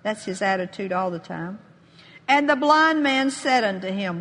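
A woman preaching a sermon with a bright, ringing voice, pitched a little high. Her words carry a long reverb from a large hall. She builds into bold, emphatic proclamation as she reads scripture. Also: a little slow.

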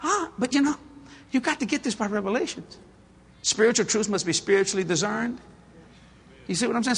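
Animated, folksy male preacher. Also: high-pitched, breathy edge. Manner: animated and folksy, laughing at his own stories. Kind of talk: storytelling sermon.

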